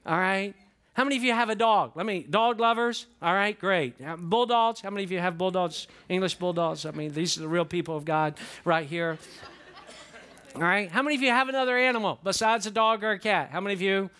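Animated older preacher, man. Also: sits high, fairly quick. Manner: animated, folksy, asks the congregation questions. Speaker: pastor. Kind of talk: sermon.

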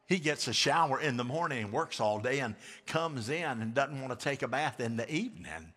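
A man's voice: mid-range voice, animated, normal speed, few pauses, pushed and bright. A man preaching a sermon as pastor, calling on the congregation to answer and repeat after him. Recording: long hall reverb.

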